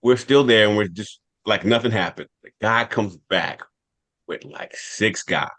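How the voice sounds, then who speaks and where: A man on a podcast telling a long personal story in casual talk, animated, repeating phrases for emphasis. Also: lowish voice, a little slow. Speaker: podcast cast member.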